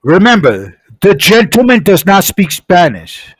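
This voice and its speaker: Male streamer, animated storyteller, lively pitch, slightly high voice. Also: measured pace, husky, no echo, rough recording. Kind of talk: casual storytelling.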